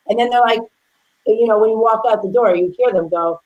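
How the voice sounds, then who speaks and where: A woman's voice: a little high, fast talker, low-quality recording. Chatty woman chef telling stories. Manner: lively storyteller who acts out quotes. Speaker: guest chef. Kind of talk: casual interview chat.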